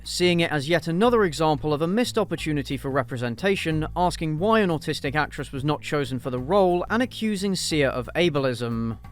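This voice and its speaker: A man hosting a scripted commentary review, blunt, sarcastic and openly profane. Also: fairly high pitch. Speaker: video essay host.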